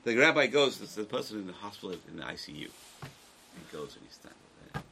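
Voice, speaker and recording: An older man teaching a religious class, lecturing a small group in an animated way with restarts and asides. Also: lowish voice, fairly quick, vocal fry, heavy background noise.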